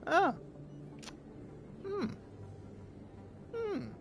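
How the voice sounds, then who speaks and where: A man's voice: very high-pitched, big pitch swings, extremely slow, a bit bright, slight background noise. A young man in casual, rambling chat, stammering, repeating words and swearing offhandedly. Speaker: vlogger.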